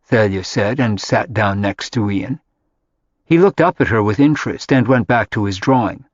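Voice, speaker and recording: A man reading a contemporary novel aloud in scripted narration, measured and even. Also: fairly low pitch, no room sound. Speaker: audiobook narrator. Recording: dry, slightly dull audiobook audio.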